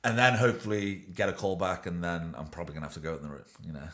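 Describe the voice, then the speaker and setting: Deep-voiced male actor hosting a chat. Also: lively intonation, rapid-fire, a bit bright. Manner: agreeable, frequent "yeah" backchannels. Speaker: actor, podcast host. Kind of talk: casual chat.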